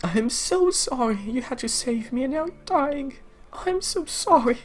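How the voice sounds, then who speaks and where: A man's voice: lively intonation, moderate pace. Man doing a sobbing young sister. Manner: high tearful wail.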